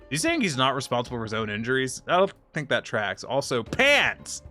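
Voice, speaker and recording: Casual male streamer, irreverent and sweary, bright tone, lively pitch. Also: a little fast, few pauses, soft background music. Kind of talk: casual gameplay commentary with voiced dialogue.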